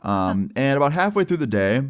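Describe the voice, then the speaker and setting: A man's voice: medium pitch, sing-song, fairly quick. A man in his twenties casually telling a personal story, laid-back and rambling, full of "like" and "right?". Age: 20s. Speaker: storytime YouTuber. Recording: background music under voice.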